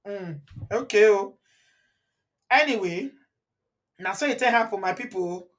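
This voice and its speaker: Woman with a Nigerian accent, live host, chatty, code-switching, quick to laugh, mid-pitched voice. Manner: chatty, switches into Pidgin and Yoruba, laughs often. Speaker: channel host. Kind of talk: live commentary reading viewer comments.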